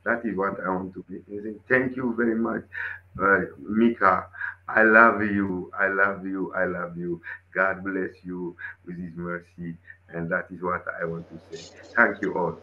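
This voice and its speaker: A man's voice: low voice, steady tone, measured pace, dull audio. A man giving earnest closing remarks in a discussion, repeating his phrases. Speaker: panel participant.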